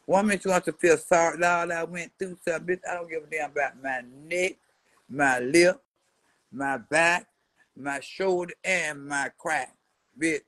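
A woman in her seventies delivering a profane trash-talking response rant to a rival. She is brash and mocking, and swings between low mutters and loud jabs. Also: normal speed, no echo, rough recording. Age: 70s. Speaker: social media personality answering a rival.

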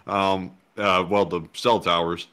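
Lower voiced guy cohosting, dry little jokes, chuckles at himself. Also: level tone, slow pace, bright, forceful tone, smooth. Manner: dry quips, laughs at himself. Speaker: co-host. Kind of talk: casual banter on a live show.

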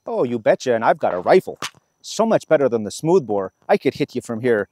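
A man's voice: big pitch swings, fairly quick, a little mellow. A man playing a brash, mocking Yankee soldier with an exaggerated put-on Minnesota accent. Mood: cocky. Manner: brash, mocking, high-pitched jabs.

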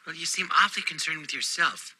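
A man's voice: on the high side, fairly quick, bright, forceful tone, breathy edge, full character voice, rough recording. An actor playing an earnest man giving moral advice, stammering as he explains.

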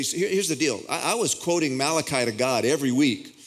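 A man preaches from the pulpit into a stage microphone, his pitch sitting in the middle range. He talks to the congregation in a conversational way and often restarts his sentences mid-thought. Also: lively intonation, a little fast, slightly rough. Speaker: pastor. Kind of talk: sermon. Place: church auditorium.

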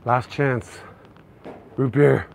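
A Canadian man narrating a casual walking tour of city streets, chatty and excitable. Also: mid-range voice, drawn-out words, gravelly. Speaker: vlogger. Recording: faint outdoor street noise. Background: faint traffic and street noise.

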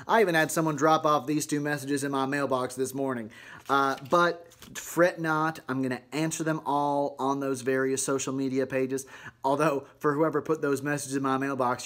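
A man performs a middle-aged mom who hosts her own cheerful vlog. Her voice is chirpy and folksy at an ordinary middle pitch. She delivers strange, dark asides in the same sweet deadpan tone as her everyday chat. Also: lightly acted. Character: sugary Southern mom vlogger woman, middle-aged, eerie. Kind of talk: comedic vlog monologue to camera.

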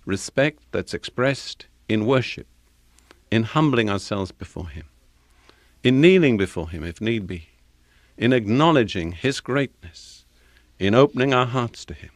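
An older man with a British accent giving a sermon as a Bible teacher, speaking slowly with deliberate pauses and reading scripture with solemn emphasis. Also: fairly low pitch, expressive, no room sound, clean studio sound. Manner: slow, measured delivery with deliberate pauses.

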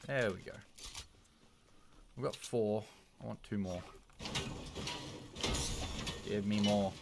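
A young man commentating his own live gameplay, jumping between loud yelps and low muttering. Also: slow, gravelly. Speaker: livestreamer. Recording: noisy home stream mic with key clicks.

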